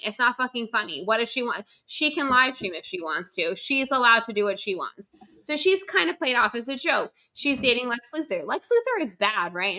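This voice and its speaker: Young woman podcast co-host, bright and punchy delivery, emphatic rants with casual swearing. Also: fairly high pitch. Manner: emphatic, animated, swears freely. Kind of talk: casual ranting chat.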